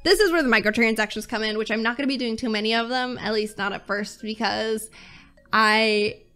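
A woman's voice: on the high side, brisk, pushed and bright, clean tone, soft background music. A young American woman giving casual, gushing commentary while playing a cozy mobile game. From United States. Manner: chatty, gushing with fillers. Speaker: gaming YouTuber.

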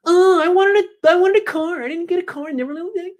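A man putting on the voice of a childish grown man whining that things aren't fair, in a high, drawn-out, whiny voice.

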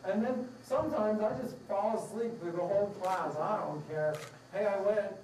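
A woman lectures a live class in a casual, rambling flow, upbeat and quick to laugh. Her voice is mellow and dark-toned. She sounds distant from the mic, in a roomy, echoing space. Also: medium pitch, a little hiss or hum. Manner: rambling, upbeat, with frequent laughs and acted-out quotes. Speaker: raw food class instructor. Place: room with a live audience. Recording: echoey room, mic far off.

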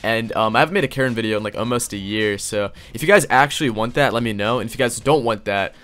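Young male YouTuber, mid-pitched, reads fan fiction aloud with profane, mocking asides. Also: fast talker, fairly bright tone, soft background music. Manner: crude, sarcastic, joking asides. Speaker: YouTube host.

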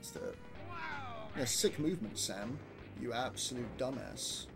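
A man's voice: mid-range voice, unhurried, gravelly, over music. A young man commentating his own speedrun live, nervous and swearing as he talks to himself.

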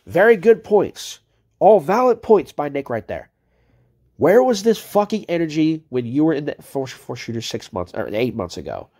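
Guy ranting and cussing over chat msgs, kinda high voice but mellow. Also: big pitch swings, normal speed. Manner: heated, profane, ranting. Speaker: video creator. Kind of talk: angry commentary on read-out chat messages.

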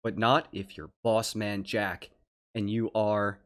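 Excitable man hosting a reaction show. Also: fairly low pitch, slow pace. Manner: excitable, laughs and shouts along. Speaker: host reacting to a stream. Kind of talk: live reaction commentary.

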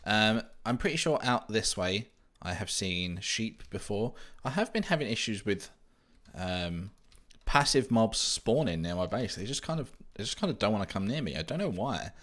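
Chatty deep-voiced gamer. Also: male voice, very animated, moderate pace, a bit bright. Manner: chatty, self-mocking, easily distracted. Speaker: Minecraft let's-player. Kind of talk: casual gameplay commentary.

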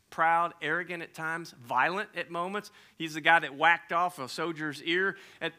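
A man's voice: on the high side, bright, forceful tone. A man preaching a sermon, telling stories in a casual, conversational way with slang. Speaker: pastor.

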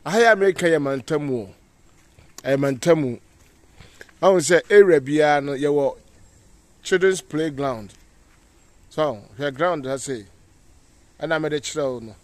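A Ghanaian man giving a casual outdoor walking tour as a vlogger, pointing things out as he walks. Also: fairly high pitch. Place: outdoors on city streets.

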